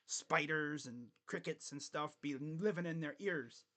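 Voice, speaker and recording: A man's voice: a little high, unhurried, pushed and bright. A man hosting a casual sports livestream, grumbling and sarcastic, swearing offhandedly at a desk microphone.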